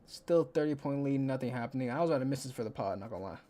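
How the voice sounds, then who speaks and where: A man's voice: medium pitch, lively intonation, racing, dark tone. A young man rambles through his solo podcast, cursing freely and counting things aloud as he goes. His voice sits in an everyday middle range, with a light hum of background noise behind him. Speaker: podcast host. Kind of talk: casual solo podcast chat.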